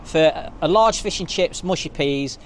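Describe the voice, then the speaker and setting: A man's voice: fairly high pitch, unhurried, a little hiss or hum. Chatty man vlogging outdoors. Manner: chatty, rambling, lots of "so yeah" fillers. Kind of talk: casual walking vlog. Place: outdoors at a seaside resort street.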